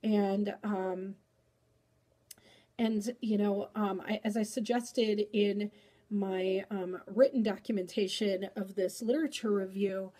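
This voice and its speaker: A woman educator reading a picture book aloud with lively expression, then chatting about it with fillers. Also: mid-range voice, slow pace. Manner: animated storyteller, chatty with fillers afterward. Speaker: early-childhood educator.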